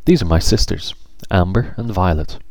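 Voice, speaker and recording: A man's voice: deep voice, moderate pace, creaky, darkish tone, dry recording. A man voicing a bossy, proud little girl fairy in a read-aloud storybook, with a haughty, commanding delivery.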